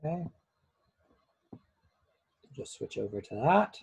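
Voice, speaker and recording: A man who is a couples therapist, giving a measured, explanatory webinar lecture and slowing down on key points. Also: medium pitch, very animated, gravelly, breathy edge, no room sound.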